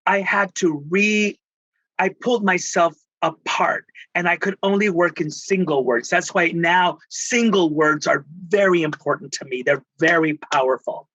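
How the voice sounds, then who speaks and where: A middle-aged man from Texas tells personal stories with feeling, tossing in Spanish endearments. His voice is bright and forward. The recording is dry and slightly dull. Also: on the high side, measured pace, no echo. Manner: expressive, breaks into Spanish endearments. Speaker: guest, spiritual healer and life coach. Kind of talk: emotional storytelling in conversation.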